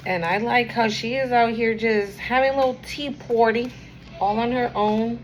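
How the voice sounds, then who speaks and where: A woman giving a casual spiritual card reading to camera, rambling and encouraging the viewer, sometimes dropping to a quieter murmur. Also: on the high side, steady tone, moderate pace, rough recording. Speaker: tarot and oracle card reader.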